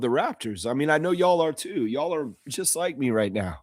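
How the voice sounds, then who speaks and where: Hoarse, emotional male fan host. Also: fairly high pitch, normal speed, no room sound, studio quality. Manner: emotional, excitable, rambling. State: hoarse, voice worn out; tired. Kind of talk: live fan reaction stream.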